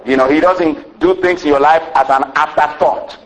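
A man preaching a sermon to a congregation, calling for amens and rising to excited shouts. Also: fairly high pitch, moderate pace, low-quality recording. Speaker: pastor.

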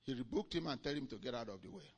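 A male preacher delivering a sermon with emphatic swings between loud declarations and quiet asides. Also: mid-range voice, expressive, rapid-fire.

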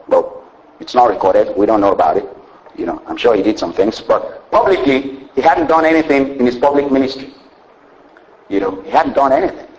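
A man's voice: medium pitch, darkish tone, low-quality recording. A man preaching a sermon with a rising and falling cadence, often saying "you know" between phrases.

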